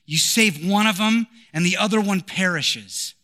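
A man voicing a chatty junior-high girl who eagerly poses a dilemma to her friends. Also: measured pace, fairly bright tone, natural voice. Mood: excited.

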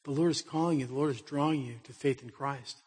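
A man's voice: medium pitch, fairly even intonation, fast talker, a little mellow, breathy edge, in a large hall. A middle-aged man preaching a sermon as a pastor, telling stories in a conversational way and putting pointed questions to his listeners.

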